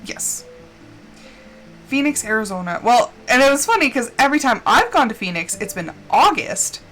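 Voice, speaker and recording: Chatty, animated woman streamer. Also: a little high, moderate pace, faint music behind. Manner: rambling, chatty storytelling with frequent fillers; animated, playfully dramatic. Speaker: livestreamer playing a farming game. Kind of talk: casual chat while gaming.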